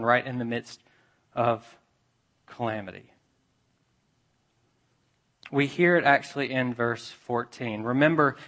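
A man preaching a sermon as pastor, earnest, dropping soft and low for the tender passages.

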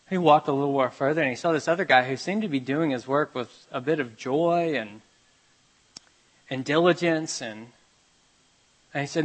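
A man preaches a sermon with a mid-range voice that rises to loud urgent calls. He then drops to a quiet, hushed storytelling tone, reading scripture aloud and telling a parable. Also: medium pitch, normal speed, poor audio. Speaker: pastor.

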